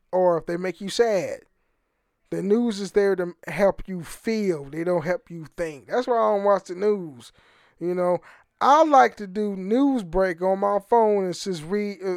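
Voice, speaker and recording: Podcast host, young American man with a high voice, rambling and profane, dry close sound. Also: darkish tone, smooth, no echo. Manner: rambling, profane, repeats words when restarting. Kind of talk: casual solo podcast monologue.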